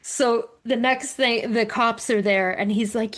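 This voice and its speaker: A woman's voice: fairly high pitch, a little slow, hardly any pauses. A middle-aged woman chatting casually on a podcast, telling stories animatedly, swearing freely and acting out what others said. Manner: animated storyteller, swears freely, acts out quotes. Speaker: podcast co-host. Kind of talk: casual chat among friends. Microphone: studio microphone.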